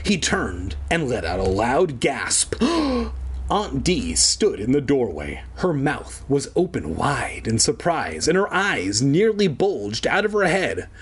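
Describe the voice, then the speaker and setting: A man's voice: mid-range voice, sing-song, takes it slowly, hardly any pauses, breathy edge. A man reading a children's horror book aloud for comedy, breaking off for sarcastic, crude asides. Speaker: comedic reader. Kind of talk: comedic storybook reading with commentary.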